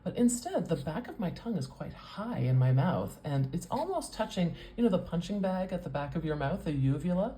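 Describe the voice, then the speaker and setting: A woman with a North American accent, teaching as a speech coach with patient explanations and drawn-out sound demonstrations. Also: on the low side, sing-song, dark tone, a little hiss or hum. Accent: North American English. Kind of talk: teaching with a whiteboard demo.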